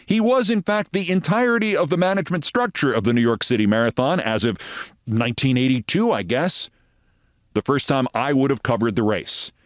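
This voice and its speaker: A man's voice: animated, brisk, no echo, studio quality. A man in his sixties hosting a commentary show, sardonic and storytelling. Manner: sardonic, storytelling, theatrical swings in pitch. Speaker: host. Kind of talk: political commentary monologue.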